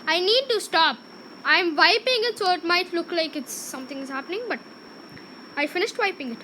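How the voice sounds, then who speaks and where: Super high bright voice, young girl gaming w her friend, silly and loud. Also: fairly quick, slight background noise. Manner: excitable, goofy, shrieks when losing. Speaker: gaming channel host. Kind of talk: casual chat while playing a game.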